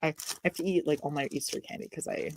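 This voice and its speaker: A woman's voice: low-pitched, fairly even intonation, quick pace, darkish tone, slight background noise. A woman from Texas reading a novel aloud on her show, breaking off to ramble, apologize and make wry asides, close to a desk webcam at home. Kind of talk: casual read-along with commentary.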